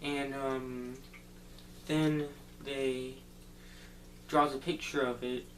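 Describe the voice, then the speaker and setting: A man casually retelling a movie plot for a review, rambling loosely and filling pauses with "like" and "um". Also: medium pitch, level tone. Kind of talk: casual spoken movie recap. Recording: roomy echo, distant mic, faint hum.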